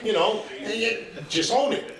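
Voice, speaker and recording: A man's voice: sits high, expressive, normal speed, a bit bright, a little hiss or hum. A man talking casually on a podcast as a guest actor, upbeat and jokey. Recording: echoey room.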